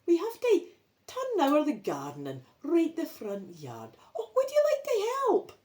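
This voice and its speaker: A woman's voice: high-pitched, huge pitch swings, a little slow, darkish tone, voice pushed up, exaggerated voice. A woman voicing a sweet old Scottish grandmother turned zombie, speaking in a cooing, sing-song way with a Scottish accent.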